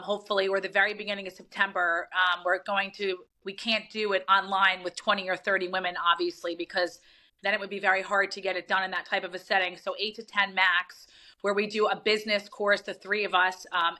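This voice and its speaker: Bright-voiced woman podcast host, gushing. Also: medium pitch. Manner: tearful, gushing, warm toward her father. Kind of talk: emotional podcast conversation.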